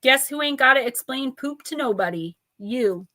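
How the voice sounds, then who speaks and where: A woman with a high, sharp voice reads oracle cards for live stream viewers, listing their names and staying blunt, playful and mildly profane. She speaks at a moderate pace with lively intonation, in a dry recording.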